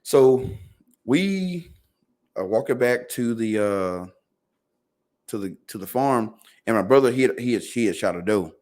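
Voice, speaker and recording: A man's voice: medium pitch, expressive, a little slow, a little mellow. A man, a podcast guest casually telling a long personal story, full of fillers and repeated words. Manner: fillers and repeated words, quoting others in dialogue.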